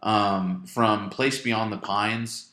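A man's voice: on the low side, steady tone, very slow, sharp tone, echoey room. A man co-hosting a casual podcast chat, blunt and swearing casually. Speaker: podcast co-host. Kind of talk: casual recast chat among friends.

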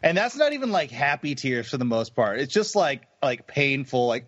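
A man's voice: mid-range voice, sing-song, normal speed, fairly bright tone, no echo. A man co-hosting a casual chat podcast, laughing often and swearing casually. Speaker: podcast co-host. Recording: dry muffled lo-fi mic.

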